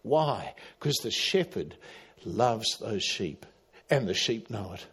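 A middle-aged man preaching a sermon, swinging from loud emphatic calls to quiet, low asides. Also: very animated, takes it slowly, husky. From Australia. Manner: dramatic, rising to loud emphatic calls then dropping quiet. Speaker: pastor.

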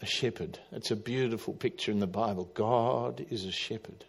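A middle-aged man preaching a sermon, swinging from loud emphatic calls to quiet, low asides. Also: normal speed, gravelly, husky. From Australia. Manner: dramatic, rising to loud emphatic calls then dropping quiet. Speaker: pastor.

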